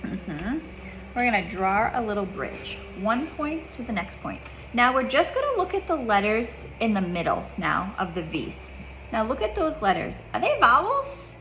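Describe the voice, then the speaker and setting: A woman's voice: a little high, big pitch swings, moderate pace, fairly bright tone. Woman, reading teacher, patient, repeats questions, one-on-one lesson, faint background noise.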